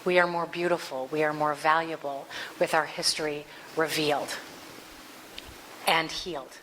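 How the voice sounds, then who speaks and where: A woman's voice: deep voice, fairly even intonation, normal speed, fairly bright tone, slight background noise, poor audio. A woman preaching a conversational Sunday sermon, earnest with playful asides. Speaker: minister.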